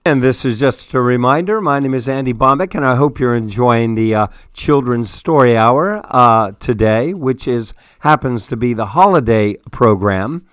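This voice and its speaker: A man's voice: mid-range voice, moderate pace, hardly any pauses, a bit bright, clear, resonant tone, no echo, clean studio sound. A man hosting a children's story hour, reading a storybook aloud with expression. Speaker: radio story-hour host.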